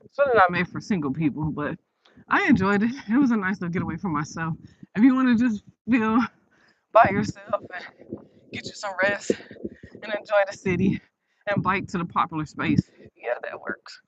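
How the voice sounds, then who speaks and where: A woman's voice: medium pitch, expressive, moderate pace, muffled recording, slight background noise. A woman vlogging outdoors on a late-night walk, chatting casually and rambling with frequent laughs. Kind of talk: casual storytelling while walking.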